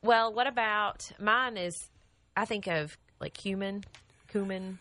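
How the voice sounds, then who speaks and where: A woman co-hosting a morning show, chatty and quick to agree and laugh. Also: medium pitch, lively intonation, sharp tone, no echo. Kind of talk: casual morning show banter.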